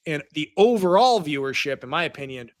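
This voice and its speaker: A man co-hosting a sports podcast, chatting casually with animated, jokey asides. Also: fairly high pitch, fairly quick, no echo, clean studio sound. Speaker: podcast co-host.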